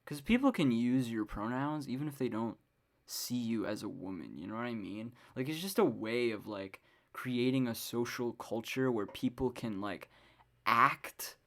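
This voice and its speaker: A woman's voice: rumbling low, lively intonation, moderate pace. A woman hosting a casual solo podcast, rambling with many fillers and frequent swearing in an exasperated rant. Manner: exasperated ranting. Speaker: podcast host.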